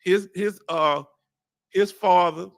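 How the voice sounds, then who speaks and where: Southern man from Houston, bright and dry. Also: sits high, slow, creaky, dry recording. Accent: Southern US, Texas. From Houston, Texas. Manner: folksy, reads comments aloud and chats directly to viewers. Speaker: host. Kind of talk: casual livestream chat.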